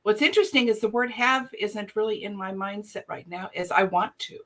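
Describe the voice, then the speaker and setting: A woman co-hosting a casual chat, thoughtful and quick to laugh. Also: medium pitch, a bit bright. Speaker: podcast co-host.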